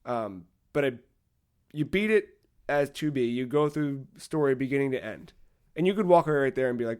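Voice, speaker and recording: A man co-hosting a podcast, telling a long story in casual chat, rambling with lots of fillers and animated retellings. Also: mid-range voice, moderate pace, smooth. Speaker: podcast co-host.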